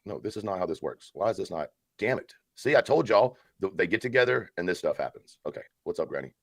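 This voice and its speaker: A man's voice with a gravelly edge, hosting a live stream in a theatrical, sarcastic tone. He sounds close and dry, with no room behind him. His delivery swings between mock solemnity and casual banter with the chat. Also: sits low, sing-song, quick pace, no echo. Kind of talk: mock support-group speech, then casual live chat.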